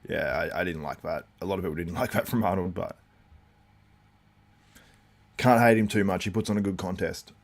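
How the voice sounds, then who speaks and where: Hosting a live watchalong stream, a man with a deep voice talks at normal speed and pauses often. He chats loosely, rambling with frequent fillers and responding to viewer comments as he thinks things through.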